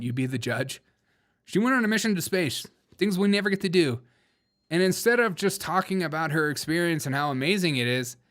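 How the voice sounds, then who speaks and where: A man with a Southern US accent hosts a comedic news commentary. His voice sits a little high, and he rambles loosely, breaking into laughter at his own jokes. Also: fairly bright tone. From Southern United States. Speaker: host.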